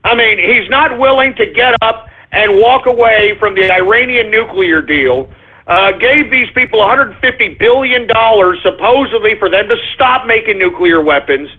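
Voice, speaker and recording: A man hosting a talk radio show, ranting loudly and profanely with indignant repetition. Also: sits high, expressive, moderate pace. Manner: loud, profane, indignant ranting with repeated catchphrases. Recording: phone-like lo-fi radio audio.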